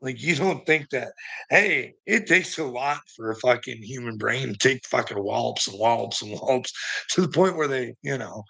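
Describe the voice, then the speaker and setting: A man's voice: medium pitch, lively intonation, moderate pace, vocal fry, fairly bright tone, breathy edge. A man ranting on a casual livestream, profane and rambling, breaking into laughter often.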